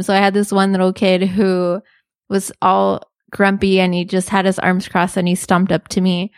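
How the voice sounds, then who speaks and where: A woman's voice: mid-range voice, no room sound, studio quality. Chatty young woman telling a story. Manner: chatty, animated, lots of "like" and laughs. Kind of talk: casual storytelling.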